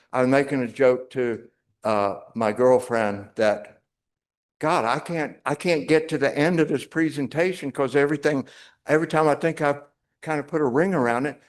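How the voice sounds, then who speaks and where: A middle-aged man from North Carolina, giving an emphatic, wry public talk and repeating points for effect. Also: medium pitch. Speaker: speaker.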